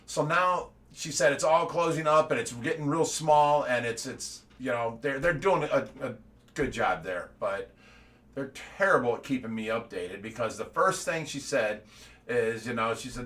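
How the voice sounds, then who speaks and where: A man's voice: mid-range voice, lively intonation, normal speed, a bit bright. A middle-aged man from the United States giving a casual livestream update, rambling and repeating words, with laughs between his stories. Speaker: fish rescue owner giving an update.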